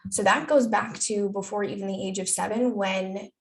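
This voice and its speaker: Gravelly-voiced woman coaching with casual candor. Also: mid-range voice, fairly even intonation, normal speed, rough recording. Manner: casual and candid, swears freely, rhetorical questions. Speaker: dating and self-development coach. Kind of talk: live online coaching talk.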